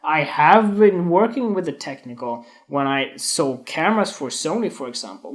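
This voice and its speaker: A young man talks off the cuff to a live stream audience, rambling from one thought to the next. He is blunt and curses freely, and his voice sits slightly higher than most men's. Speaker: photography podcast host. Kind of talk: casual solo talk on a live stream.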